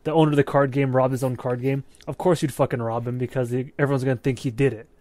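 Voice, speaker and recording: A man's voice: medium pitch, fast talker, no room sound. Profane, chatty podcast co-host man. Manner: animated, profane, keeps checking in with "right?". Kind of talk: casual movie review chat.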